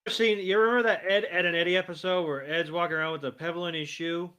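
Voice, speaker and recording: A man with a somewhat high voice recaps a cartoon episode on a podcast. He talks casually, tossing in dry, wry asides and the odd swear word. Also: fairly even intonation, fast, pushed and bright, clean tone. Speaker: podcast co-host.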